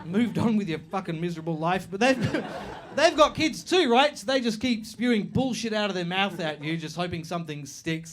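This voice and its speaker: A man doing a stand-up comedy set on a club stage, sweary and animated, mocking strangers with quick impressions. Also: high-pitched, slight background noise.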